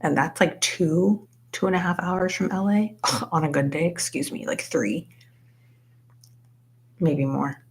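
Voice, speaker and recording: A young woman with a low, gravelly voice talks casually to her live stream viewers as she crochets. She rambles in a relaxed way, full of "like" and "you know", and greets people from the chat by name. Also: unhurried, long pauses. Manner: chatty, says "like" a lot, reads out chat names.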